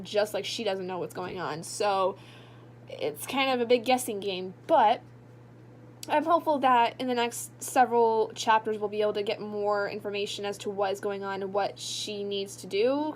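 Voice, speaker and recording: A woman's voice: mid-range voice, slight background noise. A tired young woman casually chatting in a late-night book vlog, rambling with lots of fillers. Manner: rambling, filler-heavy, drowsy. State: tired, yawning. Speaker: book vlogger. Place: at home at night.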